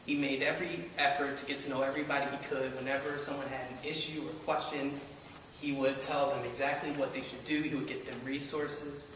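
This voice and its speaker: A man's voice: mid-range voice, level tone, a little fast. Guy telling a funny personal story on stage, recorded far off in a big echoey hall with some noise. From Baltimore. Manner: wry, self-deprecating, paced for audience laughs. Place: live event hall with audience. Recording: echoey hall, distant mic, noisy. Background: audience laughter.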